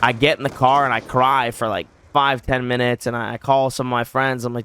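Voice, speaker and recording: A man's voice: medium pitch, flat delivery, quick pace, few pauses, a bit bright, clear, resonant tone. A young man telling a personal story casually on his channel, with many fillers and quoted back-and-forth. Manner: loose, filler-heavy retelling with quoted dialogue. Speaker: video host.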